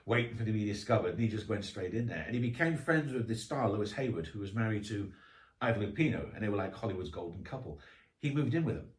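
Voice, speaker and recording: Fast-talking man telling anecdotes. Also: on the low side, animated. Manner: rambling anecdotal storytelling. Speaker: author and historian guest. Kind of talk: casual podcast chat. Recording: echoey room, distant mic.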